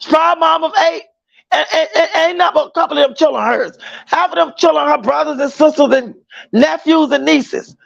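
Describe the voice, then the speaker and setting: A woman's voice: sits high, moderate pace, creaky, highs cut off. A woman hosting a casual livestream, chatting with viewers, greeting them by name, using slang. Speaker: livestream host.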